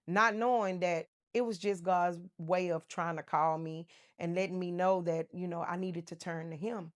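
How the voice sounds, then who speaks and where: A woman's voice: fairly low pitch, moderate pace, few pauses. A woman giving a personal testimony in a casual, emotional storytelling way, with many fillers and restarts. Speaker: testimony speaker.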